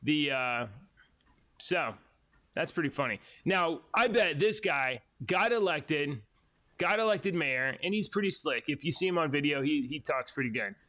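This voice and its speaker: A man's voice: a little high, expressive, unhurried, pushed and bright. A man co-hosting a casual podcast, reading news stories aloud with laughs and mocking quoted voices. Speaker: podcast co-host.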